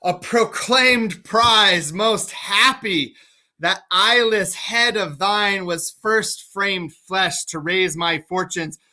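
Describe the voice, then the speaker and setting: A man voicing a gloating servant, speaking slowly and drawing out each word. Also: high-pitched, pushed and bright, pitched above the performer's own voice, full character voice. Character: scheming male servant, gloating.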